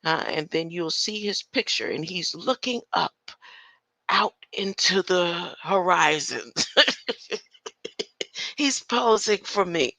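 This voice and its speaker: An older woman with a gravelly, bright-edged voice delivering a casual livestream rant. She talks slowly and in a confrontational way, with a lively pitch that swoops up and down, and she keeps tossing in rhetorical questions. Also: no echo. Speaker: online commentator.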